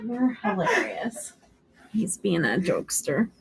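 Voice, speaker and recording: A woman's voice: medium pitch, big pitch swings, slow, creaky, heavy background noise. A middle-aged woman hosting a beauty live stream, chatting casually and laughing often. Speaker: beauty channel host.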